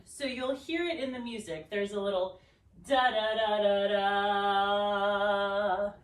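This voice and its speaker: A woman teaching a belly dance routine, counting beats aloud and humming the rhythms with syllables. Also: a little high. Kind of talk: dance tutorial instruction. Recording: echoey room, voice picked up from a distance.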